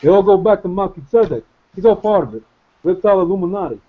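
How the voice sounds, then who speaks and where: A man's voice: high-pitched, animated, quick pace, a little hiss or hum, pitched above the performer's own voice. Brief: brash Brooklyn tough guy with a raised, exaggerated voice, lo-fi call audio , put on by a man. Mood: mock conspiratorial. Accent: Brooklyn-style put-on. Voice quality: exaggerated, jokey.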